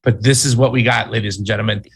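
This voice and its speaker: Gravelly, exasperated man co-host. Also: on the low side, steady tone, fast talker. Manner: exasperated, sarcastic, casual slang. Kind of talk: political commentary chat.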